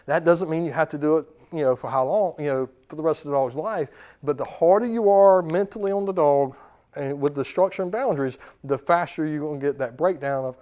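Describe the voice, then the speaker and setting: A man in his thirties, a dog trainer, giving a seminar talk and acting out commands and dogs' thoughts. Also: a little high. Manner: forceful, acts out commands and dog thoughts in quick voices.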